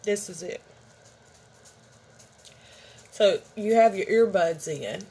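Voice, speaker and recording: Slow-talking chatty woman vlogger. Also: mid-range voice, warm tone, slightly rough. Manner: rambling, chatty, talks to viewers directly. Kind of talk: casual show-and-tell vlog.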